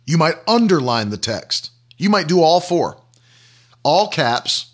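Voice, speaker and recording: A man's voice: fairly high pitch, big pitch swings, slow pace. A man preaching a sermon, teaching through questions and everyday examples and repeating key phrases for emphasis.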